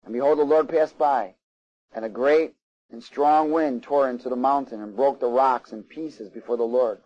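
A man's voice: mid-range voice, normal speed. A man preaching a sermon, reading scripture aloud and stopping for asides and questions to the congregation. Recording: slightly dull, lo-fi sound.

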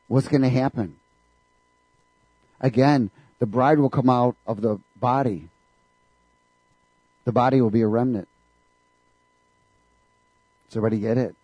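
Fervent preacher man, dry mellow voice. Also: mid-range voice, steady tone, a little slow, pauses often, slightly rough, no room sound, poor audio. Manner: fervent, call-and-response preaching. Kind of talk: sermon.

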